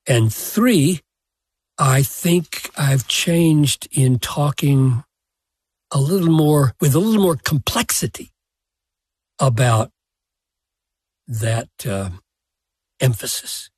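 Older pastor guy, breathy husky voice, super slow and thoughtful, dry studio sound. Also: mid-range voice, animated, darkish tone, no echo. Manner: slow, deliberate, self-deprecating with chuckles. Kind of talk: reflective podcast answer.

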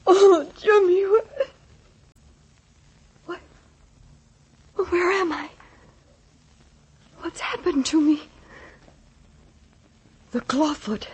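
A woman's voice: very high voice, drawn-out words, long pauses, a little mellow, full character voice. Phyllis, a frightened bedridden young woman. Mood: frightened, tearful. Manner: breathless, pleading, tearful. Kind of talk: 1930s radio drama acting.

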